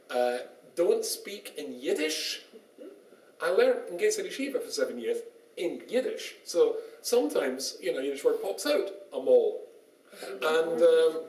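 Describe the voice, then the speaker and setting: A man, a rabbi, giving a humorous lecture and telling jokes and stories as he goes. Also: fairly high pitch. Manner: joking storyteller, lively, laughs often. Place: small synagogue lecture room. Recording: roomy, distant, faint background noise.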